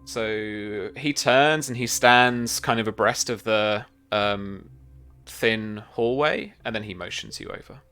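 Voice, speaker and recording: A man's voice: on the low side, slow pace, bright, forceful tone, clear, resonant tone, faint music behind. A man narrating a tabletop game as game master, describing scenes loosely with many fillers.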